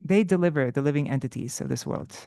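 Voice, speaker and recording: A man leading an unprepared live study session, thinking aloud with halting restarts and self-corrections, now and then chanting verses slowly. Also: on the high side, vocal fry, warm tone, no room sound, clean studio sound. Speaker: teacher of scripture study.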